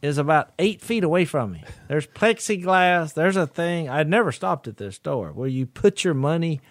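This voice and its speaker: A middle-aged man, telling a story in a folksy, animated way during casual chat. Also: fairly high pitch, normal speed, dry recording, clean studio sound. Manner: folksy, animated, laughs through his stories. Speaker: podcast co-host.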